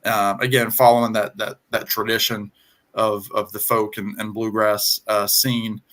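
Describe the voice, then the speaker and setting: Southern twangy man, halting chat. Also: on the low side, level tone, fairly bright tone. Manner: halting, many ums and restarts. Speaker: guest on music chat. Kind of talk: casual conversation.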